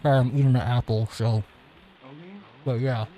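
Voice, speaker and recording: A man's voice: medium pitch, steady tone, moderate pace, dark tone, a little hiss or hum. A man in his twenties casually commenting on a game he is playing, rambling and slangy, with frequent swearing. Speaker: streamer. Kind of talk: casual let's-play commentary.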